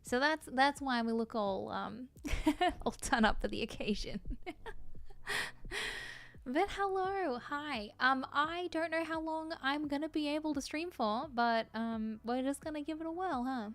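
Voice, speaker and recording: High-voiced, bubbly woman streamer who giggles often and sounds a little scattered while chatting with her viewers. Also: a little slow, fairly bright tone. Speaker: live streamer. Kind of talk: casual live-stream chat.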